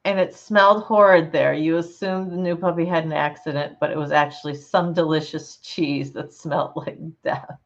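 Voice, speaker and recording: A woman hosting her channel, chatting casually with her viewers and reading their comments, relaxed and quick to laugh. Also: deep voice. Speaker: channel host. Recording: slightly dull lo-fi sound.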